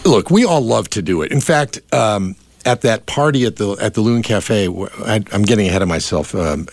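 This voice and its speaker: A man's voice: on the low side, animated, normal speed, no room sound. A middle-aged man hosting a casual radio chat, rambling with many fillers and restarts. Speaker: radio host.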